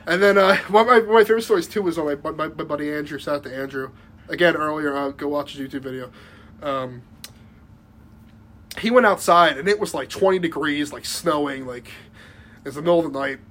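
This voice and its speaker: A man's voice: fairly high pitch, quick pace, a bit bright. Young man rambling through a story. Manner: rambling, lots of likes and restarts, laughs mid-story. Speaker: podcast guest. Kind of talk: casual storytelling chat.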